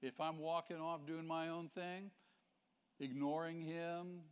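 A man's voice: a little high, flat delivery, slow pace, clear, resonant tone. A male pastor preaching a sermon with emphasis, asking the congregation rhetorical questions.

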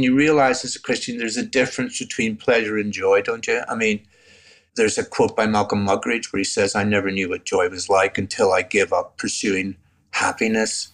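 A man in his sixties from Northern Ireland with a Northern Irish accent, a guest telling his faith story in an interview in a reflective, emotional way. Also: mid-range voice. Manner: reflective, gets choked up, laughs softly. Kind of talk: interview testimony.

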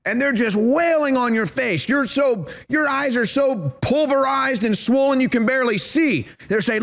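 High-pitched ranting male talk host. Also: expressive, fairly quick, creaky, hardly any pauses, a bit bright. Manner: heated, mocking, repetitive. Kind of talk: political commentary rant.

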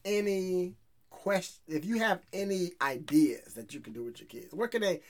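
A man's voice: high voice, normal speed, a little mellow. Easygoing guy cohosting a dads podcast, says man a lot, chill chatty vibe. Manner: laid-back, drops "man" and "you know" often. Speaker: podcast co-host, dad. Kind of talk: casual chat.

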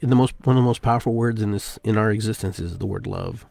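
A man hosting a spiritual podcast, talking in an unhurried, musing way and repeating phrases with shifting inflection. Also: fairly low pitch, vocal fry, a little mellow, no echo. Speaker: podcast host. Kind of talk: reflective spiritual monologue.

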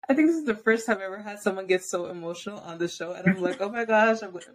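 A woman's voice: mid-range voice, animated, racing, a little hiss or hum. A young woman hosting a podcast interview, encouraging and enthusiastic with her guest. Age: young adult. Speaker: podcast host. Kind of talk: casual interview chat.

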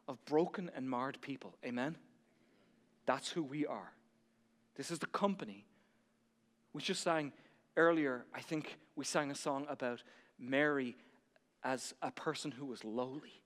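A male pastor preaching a sermon to his church, building to near shouting and then dropping to soft, intense passages. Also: mid-range voice, long reverb tail.

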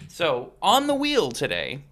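A man hosts a casual podcast, running segments in a playful, upbeat way with a few fillers. His voice has a bright, forward edge. His pitch moves around a lot. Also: wildly swooping pitch, a little slow. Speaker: podcast host.

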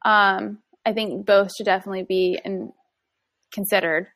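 Young woman, mother, casual chat, chatty storyteller, filler-heavy, middle pitch. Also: flat delivery, moderate pace, fairly bright tone. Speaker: mother discussing parenting.

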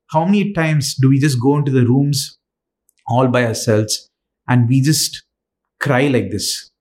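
A man preaching a sermon, earnest and halting, with frequent fillers and restarts. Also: mid-range voice, darkish tone.

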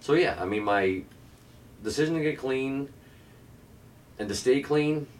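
A man's voice: medium pitch, expressive, unhurried, far from the mic, slight background noise. A middle-aged man telling a candid, earnest personal story as a podcast guest, now and then swearing. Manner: candid, earnest, occasionally profane.

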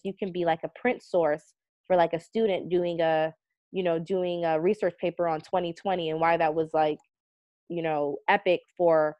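An American woman, a magazine CEO and editor, appears as a guest on a casual podcast, talking earnestly and chattily with plenty of fillers, especially "like." Her voice is lowish, with no room sound, and the audio is dull and slightly muffled.

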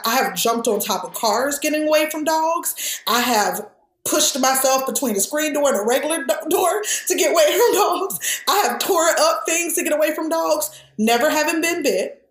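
A woman who grew up in the American South, talking candidly in a conversation, earnest and animated, with many restarts. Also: high voice, echoey room.

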